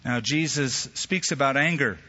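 A man preaching a sermon as pastor, animated, with sudden jumps in pitch and acted-out quotes. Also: moderate pace. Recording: echoey hall, slightly dull sound.

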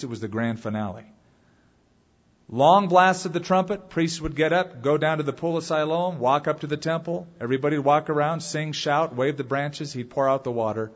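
Husky guy preaching, big loud bits then quiet ones, kinda muffled recording. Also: on the high side. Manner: dramatic, animated preaching that swings from loud calls to quiet asides. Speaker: pastor. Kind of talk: sermon.

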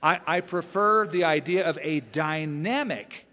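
A man preaching a sermon as a pastor, animated and emphatic, repeating phrases for effect. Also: a little high, a little slow. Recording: long reverb of a large church hall.

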